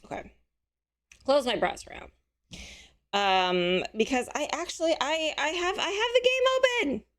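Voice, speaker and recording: A chatty woman streamer with a slightly hoarse voice talks easily to her viewers, reading and answering their messages as she goes. Her pitch rises and falls a lot. She keeps a friendly, casual tone throughout. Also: animated, a little slow. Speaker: live-stream host.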